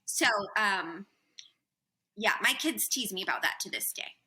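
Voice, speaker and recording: A woman guest on a podcast interview, telling stories in an animated way with "um" and "man" fillers. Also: mid-range voice, unhurried, poor audio. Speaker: podcast guest, former missionary. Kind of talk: casual interview storytelling.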